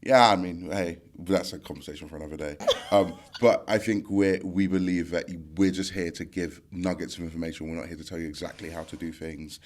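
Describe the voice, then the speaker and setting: A young man co-hosting a casual podcast chat, rambling and relaxed, full of fillers. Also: low voice, fairly quick, hardly any pauses, a little hiss or hum. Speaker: podcast co-host.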